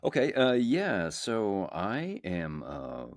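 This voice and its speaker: Man, actor, guest, very deep voice, lively pitch, self-mocking, dry. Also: slow pace, dry recording. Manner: chatty, self-mocking, laughs easily. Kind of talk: casual podcast chat.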